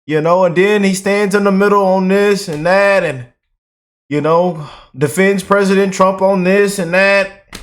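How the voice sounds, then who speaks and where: A man hosting a casual reaction commentary, talking in an animated, preachy way and repeating his phrases. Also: sits high, unhurried. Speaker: commentary video host.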